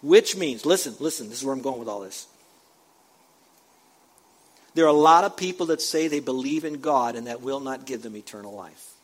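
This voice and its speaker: A man preaching a sermon as pastor, emphatic, repeating phrases for stress and dropping into quiet asides. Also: mid-range voice, expressive, normal speed, pauses often.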